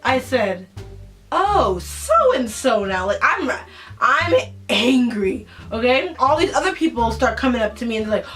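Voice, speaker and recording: A teenage girl telling a story from her school days to the camera, casual and animated. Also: a little high, moderate pace, distant mic, soft background music. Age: teens. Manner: animated, dramatic retelling with acted-out quotes. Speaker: vlogger.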